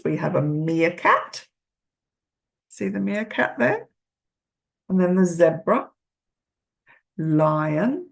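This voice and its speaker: An older woman reading a children's picture book aloud, gently asking the listener questions. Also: medium pitch, creaky.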